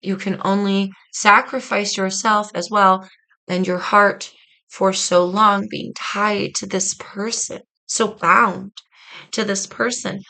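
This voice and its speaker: A woman's voice: mid-range voice, level tone, takes it slowly, creaky, pushed and bright, rough recording. A woman reading tarot cards for her viewers in a casual, earnest, reflective way, speaking straight to them. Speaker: tarot reader.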